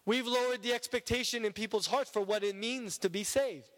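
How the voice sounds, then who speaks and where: A man preaching a sermon, emphatic, rising in force and then dropping to a hushed low voice. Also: a little fast, hardly any pauses. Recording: long hall reverb.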